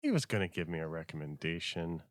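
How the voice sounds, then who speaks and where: A man's voice: low-pitched, big pitch swings, quick pace, no room sound, clean studio sound. A man playing a tabletop game in character, hesitant and mumbling. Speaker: player.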